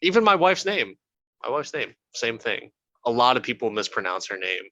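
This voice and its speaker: A man's voice: medium pitch, big pitch swings, moderate pace, bright, forceful tone, dry recording, low-quality recording. A man co-hosting a podcast, chatting casually about a film and joking, swearing freely. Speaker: podcast co-host. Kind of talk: casual movie review chat.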